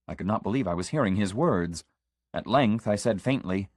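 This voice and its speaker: A man narrating a literary short story in the first person, measured and reflective. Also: deep voice, no echo, studio quality. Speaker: audiobook narrator.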